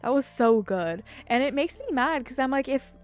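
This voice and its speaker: A young woman in her twenties commentating casually over her gameplay, rambling from topic to topic, getting excited and swearing freely. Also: high-pitched, normal speed. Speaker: gaming YouTuber. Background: faint game music.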